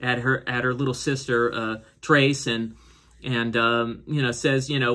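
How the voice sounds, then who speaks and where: At a measured pace and in a bright, forceful tone, a man recaps and reviews a TV episode casually. He rambles, filling gaps with fillers and restarts, and performs characters' lines in a higher pitch.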